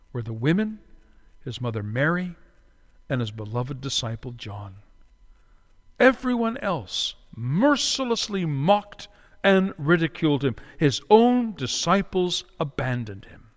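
A man preaching a sermon as pastor, dramatic, moving between hushed words and loud cries. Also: a little high, in a large hall.

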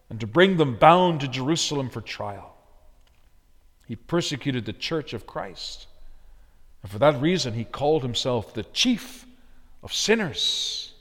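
A man preaching a sermon, pressing hard on key words and then dropping low and quiet. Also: big-room sound. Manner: emphatic, rising to stressed words then dropping low and soft.

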